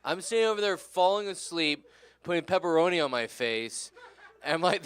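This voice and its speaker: A man's voice: on the high side, normal speed, a bit bright, clear, resonant tone. A tired, tipsy man from California doing a rambling, crude, self-deprecating stand-up set. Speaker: stand-up comedian.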